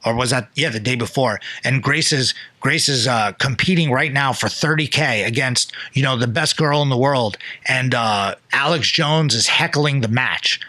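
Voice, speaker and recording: A young man casually telling a loose, profane story on a podcast, jumping into quick impressions of people. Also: mid-range voice, pushed and bright, dry recording.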